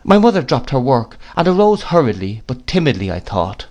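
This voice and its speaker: A man's voice: medium pitch, very animated, fairly quick, darkish tone. Man reading a classic novel aloud. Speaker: narrator. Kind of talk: audiobook reading.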